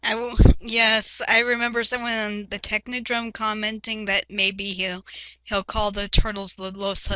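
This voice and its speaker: A young woman co-hosts a casual fan podcast, chatting about a cartoon and sharing behind-the-scenes trivia. Her voice is bright and clear, recorded close with a dry sound. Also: mid-range voice, little pitch movement, a little slow, no room sound, rough recording. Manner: chatty, shares trivia with hesitant fillers. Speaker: podcast co-host.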